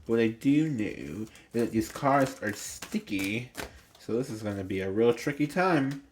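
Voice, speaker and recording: A man doing tarot readings on a livestream speaks at a measured pace in an animated, medium-pitched voice, with slight background noise. He's chatty and rambling, repeating himself and stumbling a little, while his throat catches and sounds slightly choked.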